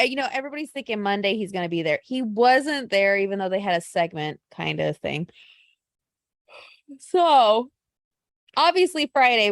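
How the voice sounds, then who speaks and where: A woman co-hosting a casual podcast, gushing and animated as she tells stories. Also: on the high side, no room sound, studio quality. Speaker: podcast co-host. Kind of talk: casual chat.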